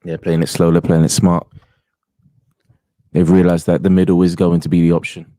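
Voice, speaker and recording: A man's voice: sits low, little pitch movement, normal speed, dark tone, dry recording. A man co-commentating on a football match in a chatty, teasing way. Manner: chatty, teasing, laughs often. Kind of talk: casual live football commentary.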